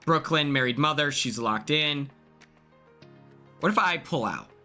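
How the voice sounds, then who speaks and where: Young male streamer, chatty, excitable, bright tone. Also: fairly high pitch, a little slow, faint music behind. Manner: chatty and excitable, laughing often. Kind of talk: casual chat stream.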